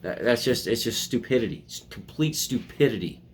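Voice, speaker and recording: A man's voice: mid-range voice, expressive, normal speed, a little hiss or hum. A man hosting a casual political commentary, reading headlines and ranting sarcastically from home, with frequent restarts. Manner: sarcastic, rambling, mocking voices in quotes.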